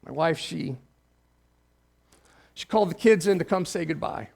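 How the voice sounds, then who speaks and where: A man in his forties, a pastor, telling a personal story in a sermon, his voice dropping low and intimate, then swelling when stirred. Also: moderate pace, gravelly, darkish tone. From Ohio.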